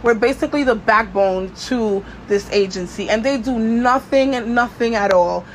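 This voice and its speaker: A woman's voice: a little high, normal speed, a little hiss or hum. A woman hosting her own podcast, venting in a casual, blunt and profane way, with lots of "you know" fillers. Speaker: podcast host.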